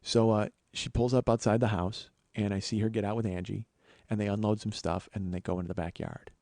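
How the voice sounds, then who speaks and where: A man's voice: on the low side, brisk, no room sound. Guy on his podcast telling a story, swears a lot, gets all riled up, dry close sound. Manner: profane, excitable, voice rising when worked up. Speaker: podcast host. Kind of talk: storytelling monologue.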